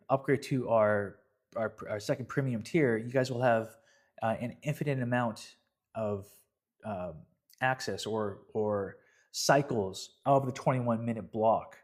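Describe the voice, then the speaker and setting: A man, a fitness coach, casually explaining updates to members, pausing often and repeating words. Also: medium pitch. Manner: hesitant, with fillers and repeated words.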